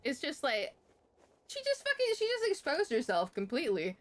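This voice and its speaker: A young woman streamer telling a story in casual chat, swearing freely and jumping sharply in pitch. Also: wildly swooping pitch, normal speed, soft background music.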